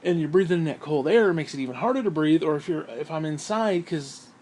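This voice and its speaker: A man's voice: a little high, animated, fast, darkish tone, a little hiss or hum. A man talking through a profane, rambling vlog monologue, short of breath and sighing often. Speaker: vlogger.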